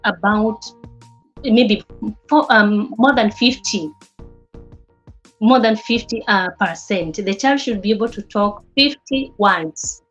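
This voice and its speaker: A woman teaching a class on early childhood development, speaking haltingly and often repeating or restarting words. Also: mid-range voice, a bit bright, soft background music. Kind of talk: class lecture with students. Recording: slightly dull lo-fi recording.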